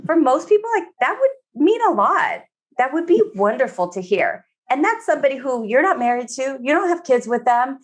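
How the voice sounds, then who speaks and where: A woman therapist talking in a relaxed podcast conversation, filling her speech with "you know" and slipping into quoted voices. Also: high voice, normal speed. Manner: chatty, many fillers, acts out quoted speech.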